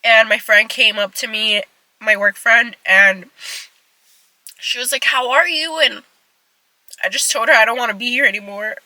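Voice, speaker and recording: Young woman vlogging from her car, crisp bright voice, dry close sound, kinda teary and rambly. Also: fairly high pitch, fairly even intonation, normal speed, long pauses, dry recording, poor audio. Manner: chatty, rambling with many "like" fillers. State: tearful, emotional. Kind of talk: casual vlog talk to camera.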